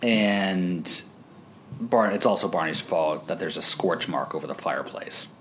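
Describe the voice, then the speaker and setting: Man, deep voice, lively swooping delivery, casual show recap, faint background hum. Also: a little slow. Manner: animated, laughing, acts out quotes in funny voices. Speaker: podcast co-host. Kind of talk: casual TV episode recap chat.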